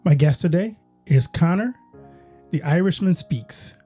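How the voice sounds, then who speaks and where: A man's voice: fairly high pitch, lively intonation, measured pace, dark tone, breathy edge, soft background music. A man hosting a podcast, introducing his guest and asking questions in an upbeat way. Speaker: podcast host. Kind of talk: podcast interview.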